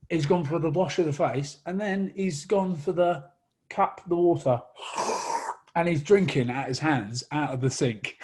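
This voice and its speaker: An Englishman in his thirties, a rugby player, telling a long funny anecdote in casual chat, animated and quick to laugh. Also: on the high side, husky.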